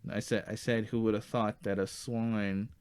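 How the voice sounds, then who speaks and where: A man's voice: lowish voice, level tone, moderate pace, a little mellow, smooth, no echo. A man hosting a comedy sketch as a tourist, asking hesitant, polite questions.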